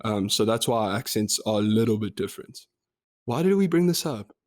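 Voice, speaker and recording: A young man with a South African Durban accent, co-hosting a podcast in relaxed, explaining casual chat. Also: on the low side, brisk. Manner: relaxed, explaining, slightly monotone. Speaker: podcast co-host.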